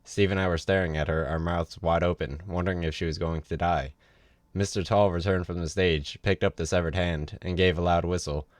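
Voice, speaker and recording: A man's voice: low voice, no echo, studio quality. A man reading a novel aloud on a livestream, in a casual way with offhand asides. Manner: casual read with ad-libbed asides. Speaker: reader.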